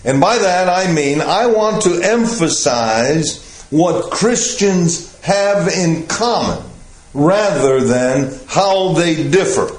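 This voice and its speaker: An older man teaching a Bible class, explaining passages in a slow, measured way. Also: fairly high pitch, animated. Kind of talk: Bible study lecture. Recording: echoey room.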